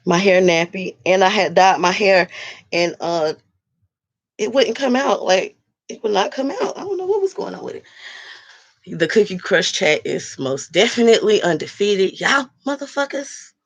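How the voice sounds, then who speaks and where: A woman's voice: medium pitch, expressive, moderate pace. A woman hosting a casual livestream and talking straight to her viewers. She is blunt and profane and speaks. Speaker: livestream host reading chat.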